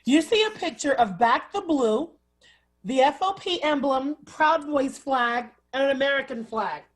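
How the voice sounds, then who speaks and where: A woman's voice: high voice, expressive, measured pace. A woman political activist guesting on a radio talk show, assertive and dramatic, asking rhetorical questions. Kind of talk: radio interview.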